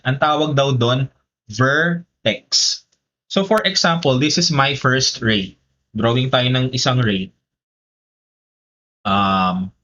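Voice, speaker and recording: A man's voice: mid-range voice, fairly bright tone, dull audio. A man with a Filipino accent teaching a live online geometry lesson, explaining step by step and switching between English and Tagalog.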